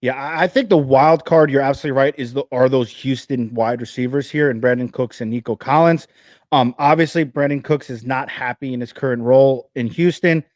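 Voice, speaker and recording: A man with a New Jersey accent hosting a live fantasy football show, talking fast and energetically with frequent restarts. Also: medium pitch, no echo, clean studio sound.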